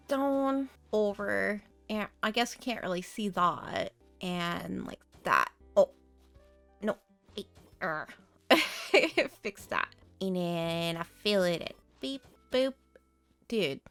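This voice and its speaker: A woman talks her way through decorating in a cozy game, thinking out loud and giggling at her own choices. She speaks slowly and takes her time. Faint music plays underneath. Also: medium pitch, gravelly. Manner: chatty, giggly, talks to herself while building. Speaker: game streamer. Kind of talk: casual gameplay commentary.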